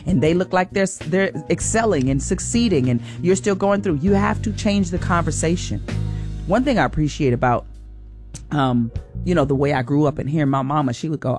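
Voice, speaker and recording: A woman hosting a morning radio show, giving a slow, soothing, encouraging faith talk. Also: fairly low pitch, a little mellow.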